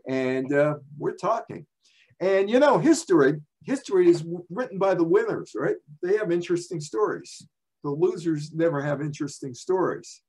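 Chatty animated man telling sports history. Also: a little high, normal speed, slightly rough. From New York area. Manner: chatty, animated, asides and rhetorical questions. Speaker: speaker giving a library talk. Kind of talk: storytelling presentation with slides.

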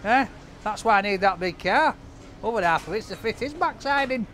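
Bloke with a high voice, banters with his cameraman outside a takeaway, faint street noise behind. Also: lively intonation, moderate pace, a bit bright. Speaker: takeaway food reviewer. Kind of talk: casual vlog chat to camera.

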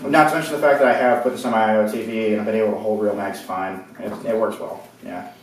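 Fast-talking blunt man in an echoey room. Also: lowish voice, fairly even intonation, a little hiss or hum. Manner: blunt, profane, rambling. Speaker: co-host. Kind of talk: casual group chat. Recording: echoey room, mic at a distance.

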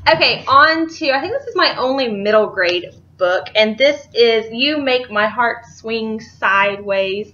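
Young gal rambling about her book haul, bright voice, kinda muffled lo-fi audio. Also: on the high side, animated, measured pace, few pauses, a little hiss or hum. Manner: chatty, rambling, laughs easily. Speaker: book vlogger. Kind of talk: casual chat.

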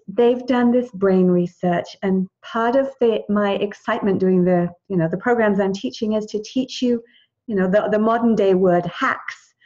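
A woman's voice: fairly high pitch, darkish tone, dull audio. A woman teaching a live group wellness class in a chatty, encouraging way, often restarting her sentences. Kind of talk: live group class over video call.

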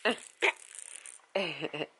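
A woman's voice: fairly low pitch, very animated, very slow, bright, forceful tone, breathy edge. A young woman talking casually to her vlog camera at home and cooing at her baby son. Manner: chatty, coos and baby-talks to her son. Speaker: vlogger and mother. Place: home, indoors.

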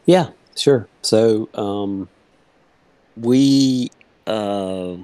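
A man's voice: lowish voice, extremely slow, mellow, clean tone, dry recording. A man in his thirties, a guest in a casual interview, telling a personal story in a rambling way, full of "like" and "you know".

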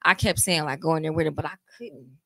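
A woman's voice: deep voice, fast, bright, forceful tone. A young woman recounts a painful night rawly and without polish. The mic is close and the room is dry, with no reverb. She swears casually as she talks. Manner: raw emotional recollection with casual swearing. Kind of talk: casual chat.

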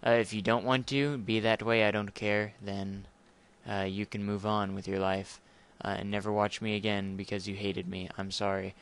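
A man's voice: lowish voice, level tone, normal speed, smooth. A young man talking casually and awkwardly over his gameplay, rambling and apologizing as he goes. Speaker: gamer. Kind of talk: casual let's play commentary.

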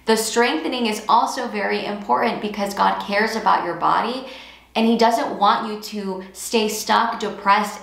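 Woman, devotional teaching, earnest and emphatic, gravelly fry, roomy echo. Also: medium pitch, fairly bright tone. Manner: earnest, emphatic, repeats key phrases. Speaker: Christian teacher. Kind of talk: devotional teaching with scripture reading.

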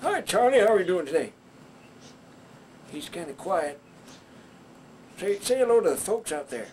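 A puppetry instructor performs a skit voicing a folksy older male puppet who chats with the audience and trails off into hesitant fillers while teaching stage entrances. The man's voice is high-pitched with big pitch swings and a darkish tone, at a moderate pace, with slight background noise.

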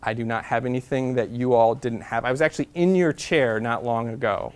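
Fast-talking animated male storyteller. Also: mid-range voice, smooth. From Nebraska, USA. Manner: animated, repeats a refrain, acts out quoted voices. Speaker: guest speaker. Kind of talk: storytelling lecture to students.

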